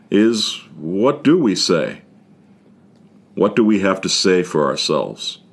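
A man preaching a sermon in a measured, wry storytelling manner. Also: fairly low pitch.

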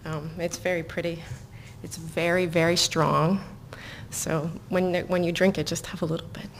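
A woman author reading her own novel aloud to listeners in an even, measured way, breaking off into casual asides full of fillers. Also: fairly low pitch, slight background noise. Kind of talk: live book reading with chatty asides.

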